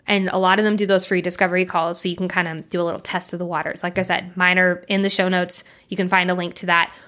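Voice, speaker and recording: A woman's voice: on the low side, little pitch movement, quick pace, pushed and bright. A young adult woman life coach hosting a podcast, talking candidly and emphatically in a casual monologue, with the odd curse word.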